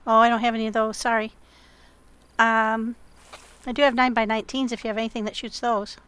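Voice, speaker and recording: A woman's voice: fairly high pitch, level tone, fairly quick, fairly bright tone, smooth. A woman hosting a survival game video, chatting with another player and talking to her viewers in a friendly way with many fillers. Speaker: gameplay video host. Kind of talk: gameplay commentary and in-game voice chat.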